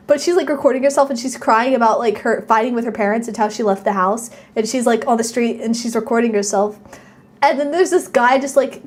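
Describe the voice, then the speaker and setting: High-voiced bubbly woman streamer. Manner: bubbly, playful, reads and thanks chat, sometimes squeals. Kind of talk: casual live-stream chat.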